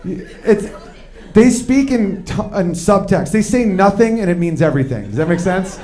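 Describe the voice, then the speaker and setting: A man doing a stand-up comedy routine in a fairly high voice. He tells stories with lively energy and keeps jumping into acted-out quotes of men and women. He is on a club stage with a handheld mic, and the audience laughs along. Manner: animated storytelling, quick shifts into acted-out quotes of men and women.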